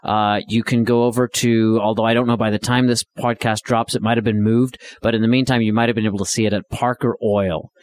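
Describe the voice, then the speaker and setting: A man's voice: fairly low pitch, little pitch movement, fairly quick, few pauses. A man co-hosting a local podcast in a casual, joking chat. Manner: joking, chatty. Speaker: podcast co-host.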